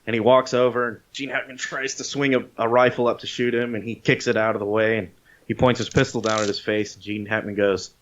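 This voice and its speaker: A man on a podcast casually retelling a movie scene, animated, swearing freely and acting out the lines. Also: mid-range voice, fairly quick, slight background noise. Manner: animated storyteller, swears freely, acts out quotes. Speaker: podcast co-host. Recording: dull lo-fi podcast audio.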